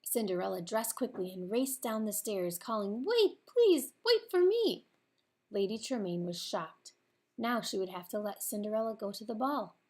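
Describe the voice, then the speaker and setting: A woman's voice: mid-range voice, moderate pace. Woman reading a storybook aloud.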